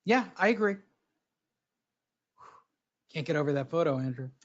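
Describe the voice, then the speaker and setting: A man's voice: fairly high pitch, lively intonation, normal speed. A man co-hosting a boxing talk show in casual chat, brash and crude as he needles his partner. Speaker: boxing podcast co-host. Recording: dull lo-fi audio.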